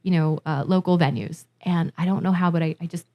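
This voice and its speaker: A woman from Massachusetts telling festival stories in casual podcast chat, emotional and animated, acting out what people said. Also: on the low side, brisk, dull audio. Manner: animated, emotional storyteller, acts out quotes. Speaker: musician and festival organizer, guest.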